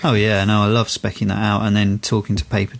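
A man's voice: on the low side, completely flat delivery, fast, vocal fry. A man co-hosting a podcast, chatting casually and rambling with lots of restarts and fillers. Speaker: podcast co-host. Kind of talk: casual chat.

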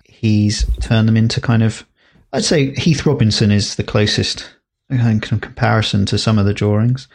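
Casting: podcast co-host, low gravelly voice, rambling and hesitant. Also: male voice, moderate pace. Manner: rambling, hesitant, many fillers. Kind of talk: casual chat.

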